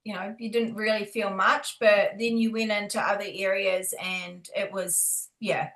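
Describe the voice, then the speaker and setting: A woman, a paranormal investigator chatting casually, halting often with fillers and restarts. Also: mid-range voice, level tone, a bit bright. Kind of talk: casual chat. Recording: roomy echo.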